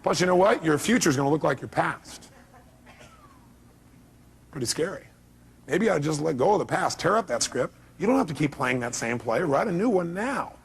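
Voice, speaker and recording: A middle-aged male motivational speaker works a seminar crowd with emphatic points and questions to the audience. His voice is husky and sits a little high for a man. He presses each point hard. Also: expressive, normal speed, pauses often.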